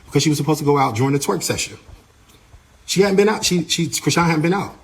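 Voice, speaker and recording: Man retelling a story, animated. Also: a little high, quick pace. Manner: animated, repeats himself, acts out quoted voices. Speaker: tour manager. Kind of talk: casual storytelling account.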